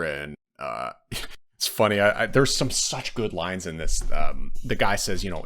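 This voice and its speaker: Guy on a podcast going over a movie, lowish voice, jumps into the characters' lines. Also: normal speed. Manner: animated retelling, acts out quoted lines. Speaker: podcast co-host. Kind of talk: casual film review chat.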